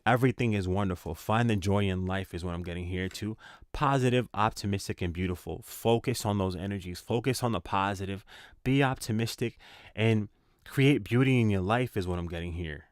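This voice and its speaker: A man's voice: lowish voice, a little fast, dry recording, studio quality. A man giving a spiritual tarot reading in a casual, slangy, encouraging way, repeating himself for emphasis. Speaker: tarot reader.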